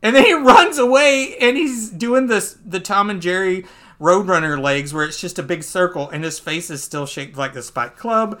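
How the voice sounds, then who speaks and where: A man hosting a podcast, recapping a comic in casual chat. He talks in a loose, chatty way, laughs easily and jumps into squeaky voices when he acts out scenes. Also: moderate pace. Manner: animated, jumps into high squeaky voices when acting out lines. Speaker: podcast host.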